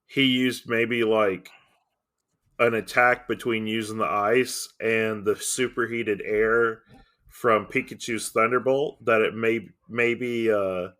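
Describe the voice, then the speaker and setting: Male co-host, lowish voice, hesitant and musing. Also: steady tone, slow pace, bright, forceful tone. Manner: hesitant, thinking aloud. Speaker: podcast co-host. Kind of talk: casual chat.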